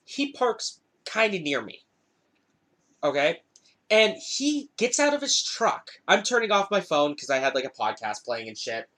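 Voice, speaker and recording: A man's voice: high-pitched, measured pace. A young man hosting a podcast, telling a story casually with a lot of swearing. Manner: profane, animated storytelling. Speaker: podcast host. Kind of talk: casual chat.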